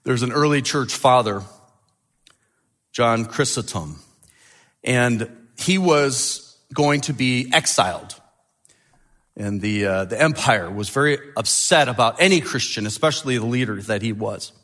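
A man's voice: mid-range voice, a little slow, pauses often, fairly bright tone. A male pastor preaching a sermon with emphasis, repeating key phrases.

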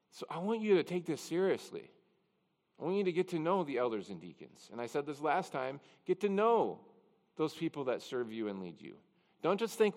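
A man's voice: sits high, long reverb tail. A man pastor preaching a conversational expository sermon, with chatty, self-deprecating asides. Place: church sanctuary.

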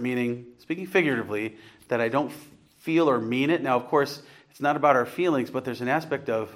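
A man's voice: mid-range voice, fairly quick. A man preaching an earnest, conversational sermon, rising to emphatic points and putting questions to his congregation. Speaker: pastor.

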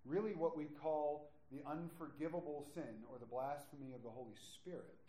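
A man preaching a sermon, stressing words slowly and dropping to quiet asides. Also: on the high side, a little hiss or hum. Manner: emphatic, drawn-out stresses, drops to quiet asides. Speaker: pastor. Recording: echoey room.

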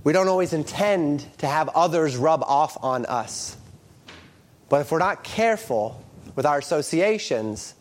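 A man preaching a sermon, reading King James scripture aloud and explaining it verse by verse with emphatic rises and drops. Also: a little slow. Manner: emphatic, lively rises and drops in pitch and volume.

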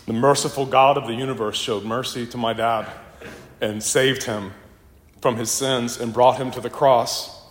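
A man's voice: medium pitch, steady tone, moderate pace. Man giving a eulogy in an echoey church. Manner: reflective storytelling, with warm anecdotes. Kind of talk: funeral eulogy. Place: church in a large hall.

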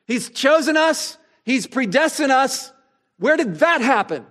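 A male pastor preaching a sermon, asking rhetorical questions and pausing for effect, slowing down to stress key phrases. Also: extremely high pitch, animated, a bit bright. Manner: expository preaching, rhetorical questions, dramatic pauses.

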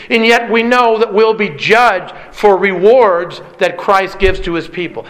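High-voiced man preaching emphatically. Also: a bit bright, poor audio. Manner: emphatic, repetitive preaching cadence. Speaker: pastor. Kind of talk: sermon.

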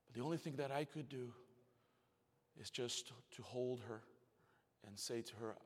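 A pastor in his forties preaching a sermon. He swings from hushed, almost whispered storytelling to loud, rising emphasis, and his English phrasing is slightly non-native. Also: medium pitch, normal speed. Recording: long hall reverb.

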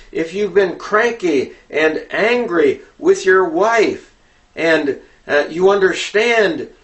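A man teaching how to preach in a deliberate, earnest manner, pausing often with fillers as he explains. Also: a little high, fairly bright tone. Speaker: preaching instructor. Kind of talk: instructional talk on preaching. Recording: voice distant from the microphone.

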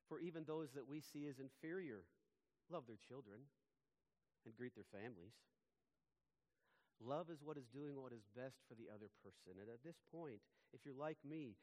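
A pastor preaching a sermon, rising to loud emphatic peaks and dropping to quiet, low asides. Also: male voice, normal speed.

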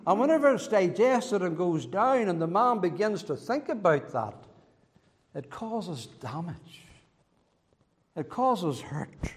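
A man's voice: sits high, a little mellow, in a large hall. A man preaching a sermon as pastor, with an emphatic, repetitive preaching cadence. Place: church.

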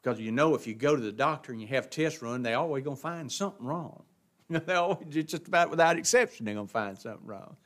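A man's voice: medium pitch, animated, quick pace, a bit bright. A man teaching an adult Bible class, speaking in a folksy, emphatic way with chuckles and repeated words. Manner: folksy, emphatic preaching with laughs and repetitions. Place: church classroom.

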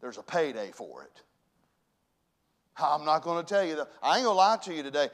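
A man preaching a sermon as pastor, folksy and emphatic, dropping to a hush and then rising to loud exhortation. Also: a little high, sing-song, brisk.

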